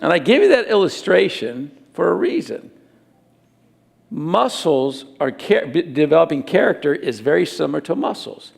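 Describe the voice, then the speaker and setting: A middle-aged man preaching a sermon as a pastor, animated and acting out little scenes. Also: on the high side, normal speed, vocal fry.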